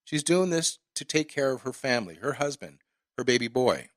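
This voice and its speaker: A man hosting a podcast, ranting with passion and swearing freely as he makes his point. His voice sits at an average pitch. The recording is dry and close, with no room sound. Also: animated, normal speed, no echo. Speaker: podcast host. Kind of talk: casual interview chat.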